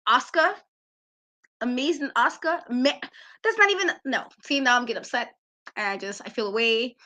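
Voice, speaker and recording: A woman hosts a wrestling talk show with a high, bright voice. She rants emphatically about the matches and breaks into laughter often. Her commentary is casual and full of strong opinions. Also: normal speed.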